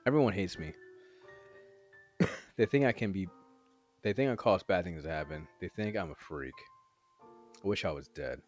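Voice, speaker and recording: A bullied young girl, read by a man, hopeless and pleading. The voice stays low, with faint music behind the storybook reading. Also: normal speed, long pauses, lo-fi sound, close to an everyday voice. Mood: tearful.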